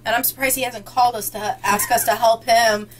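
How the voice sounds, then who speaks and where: A young woman from Indiana hosts a casual book chat with friends, bubbly and quick to laugh. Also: fairly high pitch, low-quality recording. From North Central Indiana, US. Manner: bubbly, excitable, laughs often. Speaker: book vlogger hosting a book tag.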